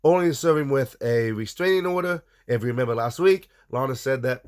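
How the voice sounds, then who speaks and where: A man's voice: medium pitch, lively intonation, fast, hardly any pauses. A man hosting a casual wrestling recap, giving blunt opinions and talking straight to his viewers. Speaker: wrestling show recap host.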